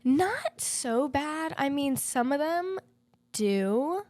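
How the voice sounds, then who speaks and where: A woman's voice: sits high, lively intonation, darkish tone, dry recording. Playful, emphatic woman guest. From New Jersey. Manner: playful, emphatic, quick reactions. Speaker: actress and comedian guest. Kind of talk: casual interview chat.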